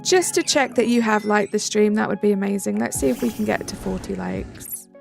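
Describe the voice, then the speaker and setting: Chatty young woman streamer, gravelly voice. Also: mid-range voice, fairly quick. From England. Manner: chatty, reacts aloud to viewer comments. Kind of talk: live stream chat, reading comments. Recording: faint music behind.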